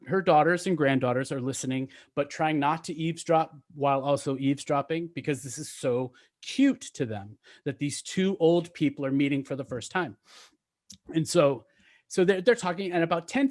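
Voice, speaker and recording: A man telling a long story to a gathering, halting with ums and restarts, slowing and softening at touching parts. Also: a little high. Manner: halting, with many ums and restarts, slowing and quieting at emotional moments.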